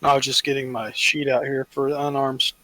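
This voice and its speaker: A man's voice: medium pitch, flat delivery, moderate pace, bright, forceful tone, dry recording, poor audio. A man playing a tabletop game, thinking aloud hesitantly about his character's rules. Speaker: player. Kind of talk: casual tabletop game talk.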